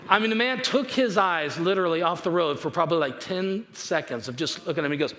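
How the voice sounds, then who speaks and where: A man's voice: a little high, fast talker, few pauses, pushed and bright. A man from California, a pastor giving a conversational sermon, telling stories and often repeating himself. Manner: chatty, repeats himself, storytelling. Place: church auditorium. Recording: reverberant hall with faint noise.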